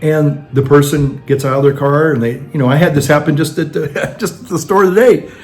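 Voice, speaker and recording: A man with a somewhat high-pitched voice delivers a loose, rambling monologue full of restarts. He acts out the people he quotes as he goes. Faint music plays behind him. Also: fairly quick, darkish tone. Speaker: vlogger. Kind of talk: casual monologue.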